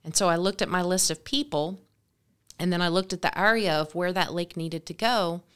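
A woman in her forties, a podcast guest, telling a story casually and briskly and acting out dialogue. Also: lowish voice, smooth. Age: 40s. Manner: brisk, animated, acts out dialogue.

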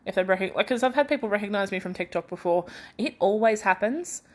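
A woman's voice: mid-range voice, expressive, quick pace, darkish tone. A young Australian woman hosting her own podcast in casual solo chat, feverish, rambling and self-deprecating with many restarts. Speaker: podcast host.

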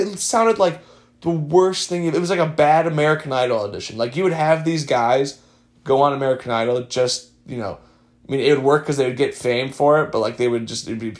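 A young adult man hosting a podcast, chatting casually in a rambling, wry way with many fillers. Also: a little high. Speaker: podcast host. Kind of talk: casual chat.

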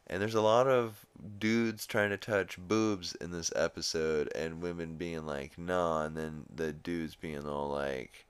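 Deep-voiced man recapping casually. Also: clean tone. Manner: rambling, swears often, quotes characters. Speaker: podcast host.

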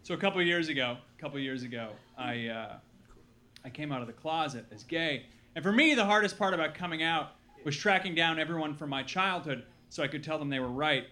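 A man from Milwaukee performing a stand-up comedy set, telling stories with animated acted-out quotes. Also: fairly high pitch, brisk, slight background noise. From Milwaukee, Wisconsin. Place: comedy club with live audience.

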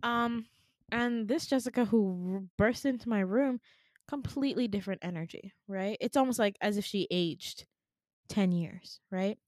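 A woman podcast co-host casually retelling a dream, animated, laughing often and full of fillers. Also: mid-range voice, dry recording, clean studio sound.

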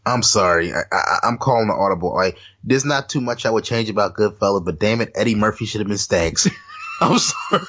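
A man's voice: on the low side, a little fast, hardly any pauses, fairly bright tone. A man chatting casually as podcast co-host, rambling and restarting his sentences. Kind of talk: casual chat.

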